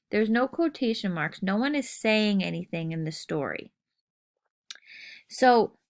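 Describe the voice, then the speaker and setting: A woman teacher walks through a writing lesson at an unhurried, deliberate pace. Her voice sits at a middle pitch, and she explains each point patiently, often checking in with the listener before moving on. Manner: patient, explains step by step, checks in with "okay?" and "right?".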